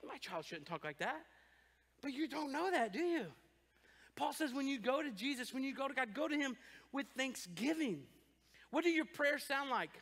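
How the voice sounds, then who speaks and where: A man preaching a sermon as pastor, animated and joking, often acting out the voices of the people he describes. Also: extremely high pitch, in a large hall. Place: church.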